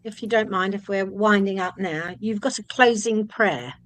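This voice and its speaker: A woman co-hosting a radio interview, speaking in an unhurried, appreciative way as she winds the show down. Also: medium pitch, fairly bright tone, no echo. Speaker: radio co-host.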